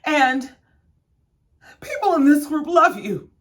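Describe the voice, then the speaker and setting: A woman doing a reality-TV woman lecturing a friend, firm and earnest. The delivery is emotional, with a lively rise and fall. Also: high-pitched, takes it slowly, pitched above the performer's own voice, heavily acted.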